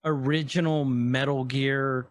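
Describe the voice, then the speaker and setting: A podcast co-host with a mid-range voice speaks slowly with fairly even intonation. His recap of a show episode is casual and rambling, with characters quoted loosely and fillers throughout.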